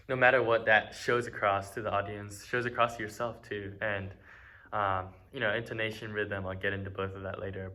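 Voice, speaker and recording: A man's voice: fairly low pitch, sharp tone. An eighteen-year-old man giving a casual, friendly violin lesson, with many ums and uhs. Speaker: student violin teacher.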